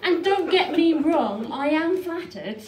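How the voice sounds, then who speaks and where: A pregnant woman in her thirties performing a stand-up comedy set on a small club stage, with a dry, self-deprecating delivery full of quick restarts. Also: high voice, expressive, a crowd in the background. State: heavily pregnant. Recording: echoey club room from far off, noisy.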